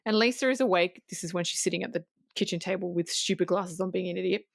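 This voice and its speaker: A woman's voice: on the low side, quick pace, gravelly, dry recording, studio quality. Woman eagerly retelling a film scene. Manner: animated scene retelling with restarts and casual swearing. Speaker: podcast co-host. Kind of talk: casual film review chat.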